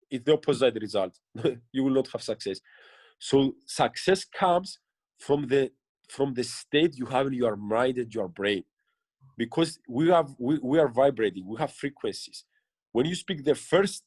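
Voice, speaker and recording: A man's voice: mid-range voice, very animated, moderate pace, darkish tone, breathy edge, dry recording. Earnest man giving coaching advice. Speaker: interviewed business leader. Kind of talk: motivational interview answers.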